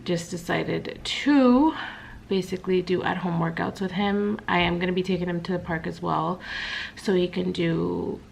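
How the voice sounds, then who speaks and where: Chatty woman vlogging at home, creaky voice. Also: fairly low pitch, steady tone, moderate pace, slight background noise. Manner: chatty, filler-heavy, talks straight to camera. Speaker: beauty vlogger. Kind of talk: casual vlog chat.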